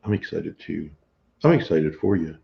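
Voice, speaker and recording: Gravelly man chatting on a stream. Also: rumbling low, very animated, normal speed. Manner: chatty, laughs often, playful teasing. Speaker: co-host of a homestead live stream. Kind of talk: casual chat. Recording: dull lo-fi live stream audio.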